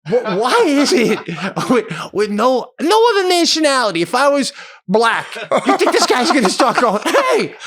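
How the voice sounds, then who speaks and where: A middle-aged man co-hosting a podcast, telling animated comic stories with frequent laughter and loud bursts. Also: extremely high pitch, normal speed, no room sound. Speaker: podcast co-host. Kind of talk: casual comedic podcast chat.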